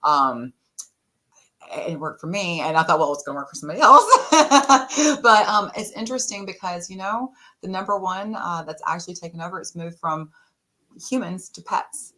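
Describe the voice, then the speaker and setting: A woman's voice: lowish voice, lively intonation, a little slow. A middle-aged woman guest on a podcast, telling stories casually and laughing often. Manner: warm storyteller, laughs often. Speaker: podcast guest, tarot reader. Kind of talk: casual interview talk.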